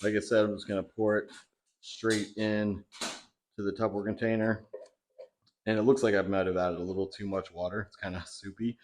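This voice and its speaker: Young male vlogger, lowish voice, loose chatty kitchen narration with fillers. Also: little pitch movement, fairly quick, darkish tone, slight background noise. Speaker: bodybuilding vlogger. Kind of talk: casual vlog narration. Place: home kitchen.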